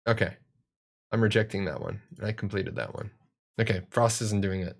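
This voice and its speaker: A man's voice: fairly low pitch, steady tone, normal speed, gravelly. A man from Ireland hosting a casual live-stream Q&A, answering viewer questions in a profane, rambling way with many restarts.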